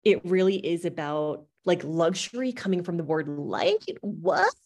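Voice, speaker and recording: A woman co-hosting a casual podcast chat, reflective and quick to laugh. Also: fairly low pitch, expressive, a little mellow. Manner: reflective, laughs often, swoops up when surprised. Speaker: podcast co-host.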